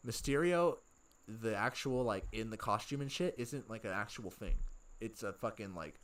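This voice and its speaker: A man's voice: fairly low pitch, lively intonation, moderate pace. Man, co-host, casual chat, cursing a lot, distant from the mic. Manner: laid-back, swears constantly. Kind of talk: casual pop-culture chat.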